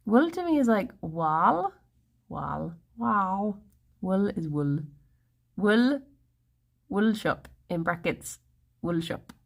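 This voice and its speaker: A woman's voice: mid-range voice, gravelly, a little mellow. A woman in her thirties with an English accent, chatting casually and playfully with stream viewers, giggling often. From England. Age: 30s. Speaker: livestreamer.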